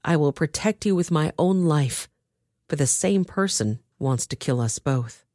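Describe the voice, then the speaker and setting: An earnest young warrior leader speaks with steady resolve, read by a woman. The voice sits fairly low and moves expressively, recorded close and dry. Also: unhurried, no room sound. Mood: remorseful.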